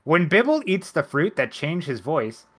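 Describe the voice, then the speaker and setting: A man hosting a casual podcast, chatting excitedly and reading out notes as he recaps a film. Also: on the high side, normal speed. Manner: excitable, reads numbers off a script. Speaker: podcast host.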